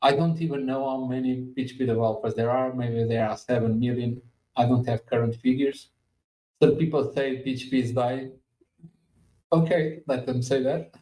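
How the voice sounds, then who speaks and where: A man in his fifties hosting a podcast, talking in a halting way with many pauses and fillers. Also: mid-range voice, fairly even intonation, mellow. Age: 50s. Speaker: podcast host. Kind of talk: casual podcast interview. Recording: echoey room, far from mic.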